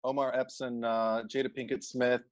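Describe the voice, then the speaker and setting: In a muffled recording, a podcast co-host talks through films at a normal speed with an even, medium-pitched voice. He analyzes things carefully, often breaking off to start a sentence over.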